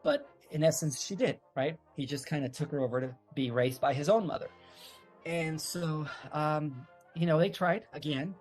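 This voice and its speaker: A man's voice: fairly high pitch, normal speed, a little mellow, faint music behind. Rambling man telling a family story. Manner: rambling, many fillers and restarts. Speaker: interview guest. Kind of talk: casual storytelling.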